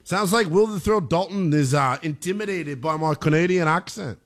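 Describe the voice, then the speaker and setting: A man's voice: on the high side, normal speed. A man hosting sports talk radio, brash and joking, with hyped announcing.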